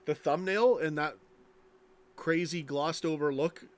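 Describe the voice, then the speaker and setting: A tired man streams late at night, his voice a little high and slow, yawning as he reads chat and rambles casually. He sounds sleepy throughout.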